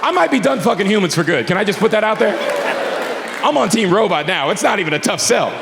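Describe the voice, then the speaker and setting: A male stand-up comedian telling a story on stage in an animated, profane way, with asides to a live audience. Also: sits high, fast, gravelly, crowd noise, noisy background. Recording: echoey venue with audience laughter.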